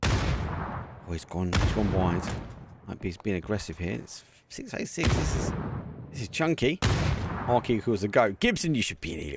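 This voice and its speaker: Lively, chatty man casting esports. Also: medium pitch, fairly quick, noisy background. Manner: chatty, excitable, talks to viewers. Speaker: esports caster. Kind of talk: live community game commentary.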